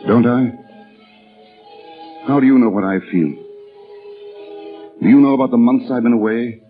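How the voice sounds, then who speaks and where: A man's voice: mid-range voice, moderate pace, natural voice. Alan, a joking young man acted by a man, old recording. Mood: earnest. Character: Alan, a playful young man, earnest in love. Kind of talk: old-time radio drama acting. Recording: tinny old recording with faint music.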